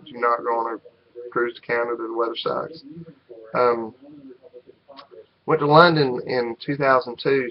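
A middle-aged man with a North Carolina Southern accent rambles through an unscripted monologue. His voice sits at an ordinary pitch, and he stops often for ums and false starts. The recording is slightly dull and lo-fi. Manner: rambling and hesitant, with frequent ums and restarts. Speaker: vlogger.

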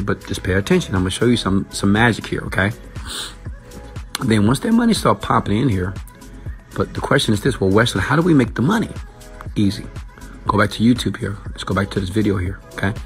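A man walking viewers through a website on screen, pushing and hyped, checking in with "okay?" after almost every point. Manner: pitch jumps up sharply when excited. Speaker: online marketing mentor. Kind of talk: screen-share tutorial, live-stream style.

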